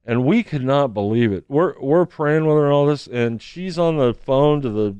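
Man, storytelling testimony, acts out quotes, smooth voice, dry close sound. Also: medium pitch, moderate pace, no room sound, dull audio. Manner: animated storyteller acting out quotes. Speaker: street counselor.

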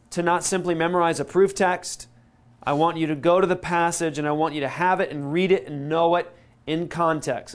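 Man, pastor, sermon, emphatic, slightly high pitch, quick asides. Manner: emphatic, slows down on key words and repeats them. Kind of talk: sermon teaching.

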